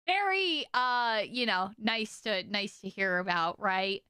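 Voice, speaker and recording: Young woman, streamer, animated storytelling, bright, smooth, dry close sound. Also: medium pitch, takes it slowly, no room sound. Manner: animated, exaggerated storytelling with frequent "okay?" and "like". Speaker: streamer presenting to chat. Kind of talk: casual livestream chat.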